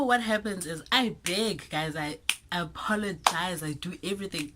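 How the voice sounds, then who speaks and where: A young South African woman telling a storytime vlog, animated and dramatic, with whispered asides. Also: on the low side, normal speed, noisy background. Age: young adult. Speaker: vlogger.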